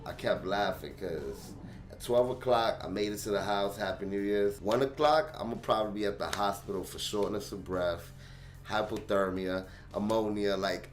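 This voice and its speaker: A young man telling a personal story to his vlog audience in an animated, slangy way. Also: fairly low pitch, moderate pace. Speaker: channel host.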